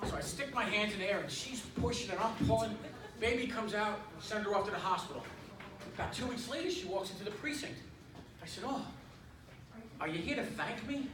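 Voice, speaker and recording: A man's voice: high voice, expressive, brisk. A man in his fifties performing a stand-up comedy set, telling stories in a chatty way with plenty of filler words. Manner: conversational storytelling with lots of filler words. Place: club stage with an audience. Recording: echoey room, distant mic, audience noise. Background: audience laughter.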